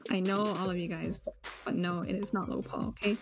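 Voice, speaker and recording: A woman's voice: on the low side, fairly even intonation, brisk. A woman hosting a live online quiz lesson, teasing and joking with players, switching between English and Cantonese with a Cantonese accent. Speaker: quiz host and teacher. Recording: music playing behind the voice.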